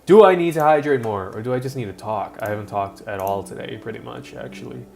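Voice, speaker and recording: A man live-streaming casually from home, mumbling while adjusting his audio settings, his throat rough enough that he keeps clearing it. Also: mid-range voice, fast talker. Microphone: built-in webcam or laptop mic.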